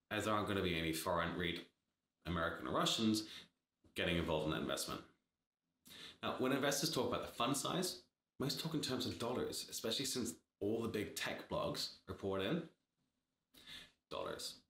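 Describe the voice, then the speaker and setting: A man's voice: fairly low pitch, fairly bright tone, echoey room. A man giving blunt, sarcastic startup advice in a casual talk to camera, swearing freely. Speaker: startup advisor.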